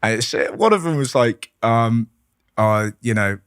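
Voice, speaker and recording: A man, a comedian guest chatting on a podcast, telling animated stories, acting out voices and swearing freely. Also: medium pitch, measured pace, clear, resonant tone, no echo, studio quality. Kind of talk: casual podcast conversation.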